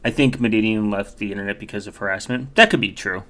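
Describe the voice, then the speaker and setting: A man's voice: lowish voice, quick pace, pushed and bright. A man from the United States rambling casually while browsing, with many fillers and self-corrections.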